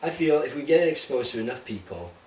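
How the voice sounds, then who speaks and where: A man's voice: mid-range voice, very animated, fast talker, a little mellow, a little hiss or hum. Rambling man, roomy distant sound. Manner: rambling, restarts often, laughs easily. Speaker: podcast co-host. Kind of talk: casual chat. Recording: roomy, distant mic with faint ambience.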